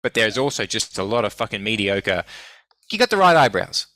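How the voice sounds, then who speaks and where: A man spins animated anecdotes, swearing freely and acting out the voices of people in his stories. His voice has a forceful, bright edge. The recording is close and dry, with no room sound. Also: fairly low pitch, fairly quick, no room sound. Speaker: guest. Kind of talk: casual storytelling.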